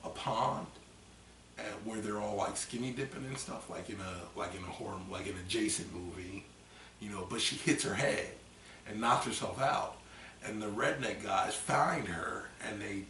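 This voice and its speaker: A man chatting casually on a vlog, rambling through a story with bursts of loud acted screams after a few drinks. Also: fairly low pitch, slight background noise. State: tipsy from drinking. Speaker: vlogger. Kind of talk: casual chat. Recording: echoey room, mic at a distance.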